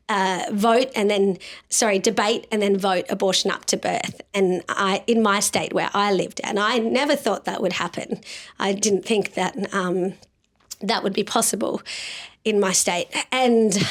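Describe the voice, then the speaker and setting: A woman hosting her own channel, speaking straight to her viewers in an earnest, urgent, rallying appeal, with frequent ums and restarts. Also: mid-range voice. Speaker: activist host. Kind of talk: direct-to-camera appeal.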